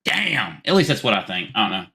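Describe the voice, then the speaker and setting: Bright-voiced, crude male show host. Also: on the low side, big pitch swings, fast, breathy edge. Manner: crude, blunt, mocking. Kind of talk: live commentary.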